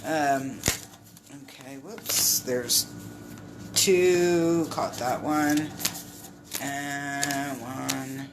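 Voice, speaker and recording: A woman's voice: very deep voice, steady tone, very slow, pauses often, very noisy. Chatty woman doing a live card reading. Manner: chatty, rambling, greets viewers mid-talk. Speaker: intuitive card reader.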